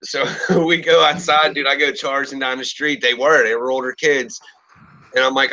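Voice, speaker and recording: Heard on a rough recording, a thirty-something man with a mid-range voice speaks at normal speed. He tells crude, lively stories in a casual live chat, quoting the characters in animated voices.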